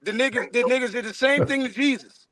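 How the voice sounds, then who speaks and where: A man in casual spiritual discussion, talking in a profane, animated way and acting out what other people say. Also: very high voice, quick pace, over a noisy crowd. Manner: profane, animated storytelling with acted-out quotes. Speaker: co-host.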